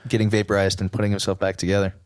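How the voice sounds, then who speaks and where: A man's voice: fairly low pitch, monotone, racing, a little mellow, dry recording, clean studio sound. A man co-hosting a comics podcast who chats casually and reads passages aloud. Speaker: podcast co-host. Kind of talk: casual chat.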